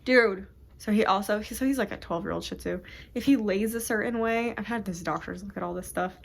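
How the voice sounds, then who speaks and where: A woman's voice: mid-range voice, quick pace, creaky. A young woman chatting casually about books at home for her vlog, rambling and interrupting herself. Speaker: book vlogger. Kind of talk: casual chat.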